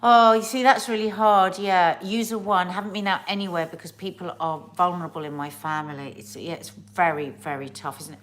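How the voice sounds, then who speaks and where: A woman's voice: lowish voice, fairly even intonation, brisk, few pauses, a bit bright. A middle-aged woman from England hosting a live stream at home, chatting casually and rambling through viewer comments. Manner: chatty, rambling, with restarts and asides. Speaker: host of a family live stream.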